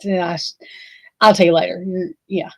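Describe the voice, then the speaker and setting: A woman's voice: fairly low pitch, level tone, moderate pace, creaky, darkish tone, no echo, low-quality recording. A woman, chatting casually with her livestream viewers in a rambling, profane and emphatic way. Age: 40s. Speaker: livestream host.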